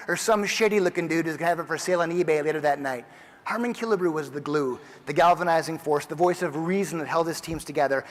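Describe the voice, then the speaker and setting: A man in his forties delivering a motivational keynote, telling stories with lively energy and acting out the people in them. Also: sits high. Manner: animated storyteller who acts out quoted dialogue. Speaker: keynote speaker. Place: large conference hall. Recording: long reverb of a big conference hall.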